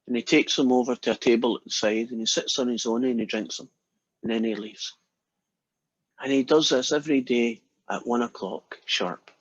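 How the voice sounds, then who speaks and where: A man gives a relaxed university lecture, chatting, telling jokes and acting out the characters in them. His medium-pitched voice has a breathy edge. The audio is dull but has no echo.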